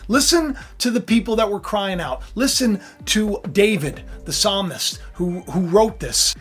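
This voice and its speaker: Hoarse, tired man preaching fervently. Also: high-pitched, expressive, unhurried, faint music behind. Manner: swings from quiet intimacy to loud fervor. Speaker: online preacher, channel host. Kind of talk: impassioned scripture preaching to camera.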